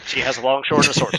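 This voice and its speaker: A man acting as game master, narrating an online tabletop game in a lively way with quick restarts. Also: a little high, breathy edge, no echo, poor audio.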